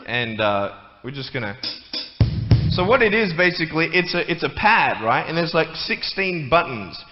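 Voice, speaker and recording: Man, playful joking talk, high voice, muffled sound, faint noise. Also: very animated, normal speed, reverberant, long reverb tail, over music. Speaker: guest speaker. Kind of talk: humorous stage talk. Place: church hall.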